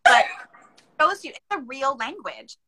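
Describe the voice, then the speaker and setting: A woman's voice: high-pitched, animated, a little slow, pushed and bright, low-quality recording. A woman from Hawaii hosting a casual chat, explaining things with chatty asides. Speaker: host.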